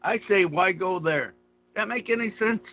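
A man's voice: sits high, moderate pace, lo-fi sound. A man in casual chat who rambles through emphatic, profane rants.

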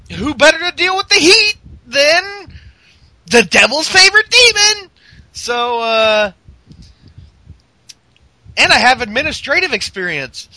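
A podcast host chatting casually, rambling with many fillers and some swearing. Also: male voice, extremely high pitch, sharp tone, rough recording. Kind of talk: casual chat recapping wrestling.

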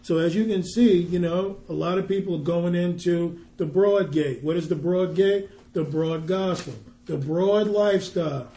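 A man who works as a minister, telling a faith story earnestly and reading scripture slowly and with weight. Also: high voice, mellow, echoey room. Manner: tells a story earnestly, then reads scripture slowly and emphatically. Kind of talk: preaching and storytelling on a podcast.

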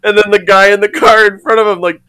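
A man co-hosting a podcast, telling stories in a lively way and acting out the voices of the people in them. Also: high-pitched, fast talker, clear, resonant tone. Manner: animated storyteller, acting out voices. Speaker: podcast co-host. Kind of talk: casual chat.

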